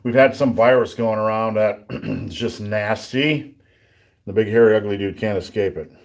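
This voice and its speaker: Man, casual livestream host, blunt and joking, hoarse from a sore throat, clears throat often. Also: fairly low pitch, moderate pace. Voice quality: throat-clearing, a bit rough. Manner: blunt, joking, plainspoken coaching. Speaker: livestream host answering viewer questions. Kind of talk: casual live Q&A on strength training.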